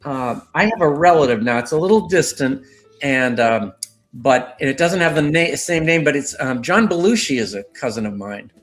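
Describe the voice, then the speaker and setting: Lively rambling man in his sixties. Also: moderate pace, faint music behind. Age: 60s. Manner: rambling storyteller with lively pitch. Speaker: guest. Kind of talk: casual interview chat.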